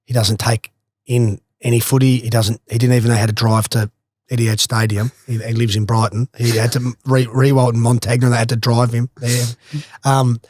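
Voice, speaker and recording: With clean studio sound and no echo, a middle-aged ex-footballer from Australia swaps casual stories as a podcast guest. His mid-range voice carries animated anecdotes laced with swearing and laughing.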